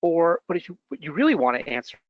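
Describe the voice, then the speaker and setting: A man's voice: fairly high pitch, sing-song, quick pace. A Canadian man in his thirties giving a conversational webinar talk, hitting key words with bursts of emphasis. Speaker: webinar presenter and consultant. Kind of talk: casual instructional talk. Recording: dull, dry lo-fi recording.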